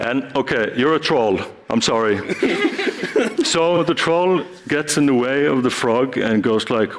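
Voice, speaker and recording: A man's voice: mid-range voice, expressive, takes it slowly. A man giving a live talk on stage, playfully acting out short scenes with volunteers from the audience. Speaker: speaker.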